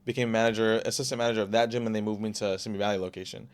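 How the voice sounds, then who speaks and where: Brief: young man in his 20s, fast-talking podcast guest, rambling and restarting, plain casual delivery. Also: on the low side, steady tone, smooth. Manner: rapid, rambling, full of "like" and restarts. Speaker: podcast guest, car salesman. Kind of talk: casual storytelling.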